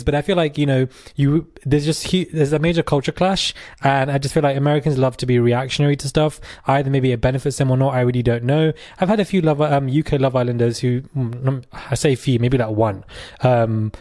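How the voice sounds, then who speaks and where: A young British man hosts his podcast in loose, casual chat. He talks in a sarcastic, rambling way, full of fillers and asides, at a mid pitch. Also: a little mellow, no room sound, studio quality. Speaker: podcast host.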